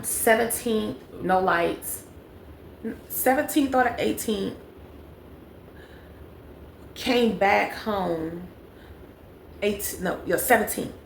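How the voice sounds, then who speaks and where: A woman's voice: mid-range voice, vocal fry. A young woman telling a storytime vlog, chatty and talking straight to viewers, repeating phrases for emphasis. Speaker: vlogger. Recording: echoey room with faint background noise.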